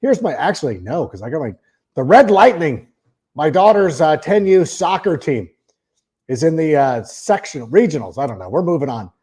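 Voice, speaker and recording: A sports podcast host talks casually and at length in a voice on the high side, sing-song and warm with a breathy edge, at a moderate pace. He often repeats words as he starts a sentence and reads a sponsor ad partway through.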